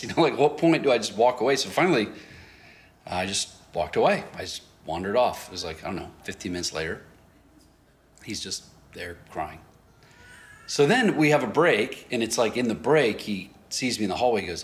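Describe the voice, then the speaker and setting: A man's voice: lowish voice, fairly quick. A man pastor telling a story in a sermon, acting out both sides of a conversation and often laughing as he talks. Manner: animated storyteller, acts out dialogue, laughs often.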